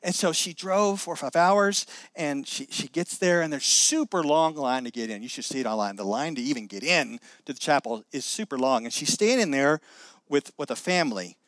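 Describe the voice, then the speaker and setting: A middle-aged man preaching a sermon, animated, acting out quoted voices with many restarts. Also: fairly high pitch, normal speed, dry recording. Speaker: pastor.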